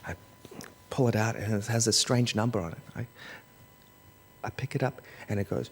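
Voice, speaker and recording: A young man with an Australian accent telling a personal story to an audience, moving between soft asides and loud bursts. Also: lowish voice, moderate pace, pauses often, slightly rough. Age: young adult. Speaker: public speaker. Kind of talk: storytelling talk. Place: large hall. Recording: long hall reverb.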